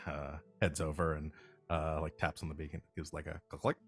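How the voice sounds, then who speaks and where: Deep-voiced guy running a tabletop game, lots of uhs and ums, faint music behind. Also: flat delivery, moderate pace. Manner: rambling, many fillers like uh and um. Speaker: game master.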